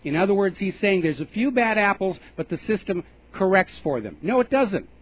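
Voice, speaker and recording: A man hosting a talk radio show, delivering opinionated political commentary with emphatic, pointed phrasing and scornful asides. His voice sits a little high for a man, and the broadcast sound is dull and lo-fi. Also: very animated, moderate pace, a little hiss or hum.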